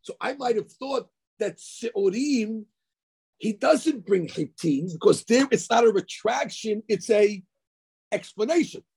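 A man's voice: high voice, expressive, a little slow, vocal fry, darkish tone, slightly rough. A man giving a daily Talmud lecture, explaining animatedly with frequent stammered restarts. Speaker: Talmud teacher.

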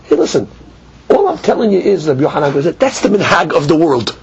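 A man teaching a lively Talmud class, acting out both sides of the argument. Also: a little high, fairly quick, breathy edge. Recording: dull lo-fi recording.

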